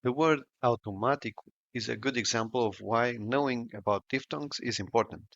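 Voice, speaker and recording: A man narrating a scripted pronunciation lesson, slowing down to model each example sound with care. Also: medium pitch, gravelly, a bit bright, no room sound. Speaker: language tutor. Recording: dull, lo-fi and dry voice-over.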